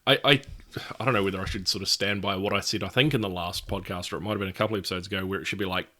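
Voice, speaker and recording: A man's voice: low-pitched, steady tone, racing, sharp tone. A man co-hosting a casual film news podcast, joking around with playful asides. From New Zealand. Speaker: podcast co-host.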